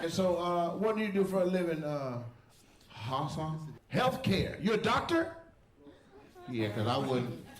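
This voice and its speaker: A man doing stand-up crowd work, teasing audience members with quick-fire questions. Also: a little high, noisy background. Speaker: stand-up comedian. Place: comedy club stage. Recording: echoey live venue with loud crowd laughter.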